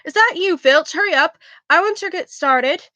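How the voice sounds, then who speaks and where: A big, gruff gamekeeper with a light Scottish lilt, blunt and impatient, as a woman reading a storybook puts him on. The voice sits high and bright, recorded close and dry. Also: expressive, moderate pace, dry recording, heavily acted. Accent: light Scottish, as put on.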